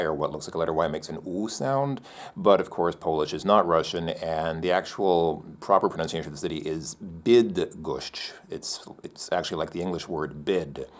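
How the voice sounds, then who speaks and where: A man walking through a city as a travel vlogger, talking casually and rambling, with many fillers and restarts. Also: low voice. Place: outdoors on city streets.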